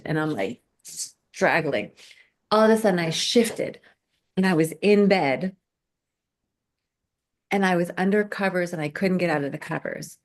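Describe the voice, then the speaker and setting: A middle-aged woman in casual podcast chat, telling a story with animated storytelling and acting out quoted voices. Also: fairly low pitch, measured pace, pauses often.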